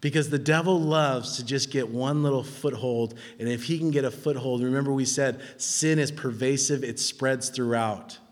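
Preacher ringing out in a reverberant hall. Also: male voice, normal speed, few pauses. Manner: emphatic and conversational, swings from low and quiet to high and loud; chuckles at his own points. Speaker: pastor. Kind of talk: sermon.

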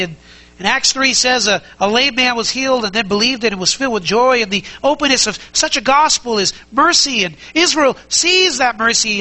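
Sex: man. Style: sermon. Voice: high and bright. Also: low-quality recording. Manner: conversational, full of rhetorical questions; emphatic, repeats key phrases. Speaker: pastor.

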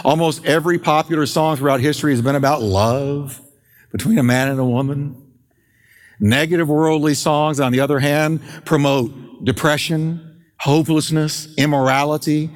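A middle-aged man pastor preaching an emphatic sermon, slowing and stretching key words for weight. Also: a little high, in a large hall. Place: church sanctuary.

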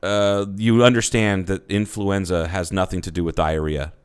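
A man with a smooth, resonant voice trades jokes on a podcast. His pitch sits low. He swears casually and slips into mock voices for a laugh. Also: steady tone, normal speed. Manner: joking, profane, bursts into mock voices. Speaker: podcast co-host. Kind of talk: casual chat.

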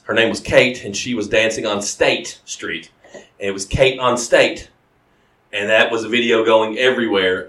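A man's voice: fairly low pitch, pushed and bright. A man co-hosting a podcast in casual chat, telling rambling stories, laughing often and restarting his sentences. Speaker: podcast co-host. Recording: echoey room.

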